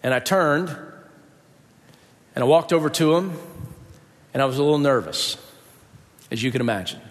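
Preaching with lively intonation at a normal pace, this mid-range male voice carries a long reverb tail. He tells a story from his own life during the sermon, acting out each quoted speaker.

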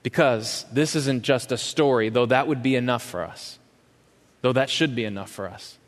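A man preaches from the stage of a large church, his mid-pitched voice carrying a long hall reverb. He questions his listeners, rising loud and then dropping to a hush. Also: normal speed. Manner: impassioned, questioning, swings from loud to hushed. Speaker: pastor. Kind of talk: sermon.

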